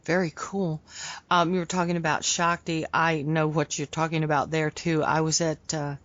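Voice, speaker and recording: A woman's voice: deep voice, little pitch movement, moderate pace, a bit bright, dry recording. A woman hosting an interview, asking questions in a friendly way and laughing often. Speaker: interview host. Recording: dull lo-fi audio.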